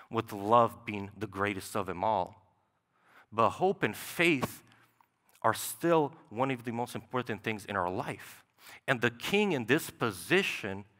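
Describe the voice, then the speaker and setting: A man's voice: mid-range voice, pushed and bright. Young male preacher in a reverberant hall. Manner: conversational, with frequent "right?" asides. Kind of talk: sermon. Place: church sanctuary. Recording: long church hall reverb.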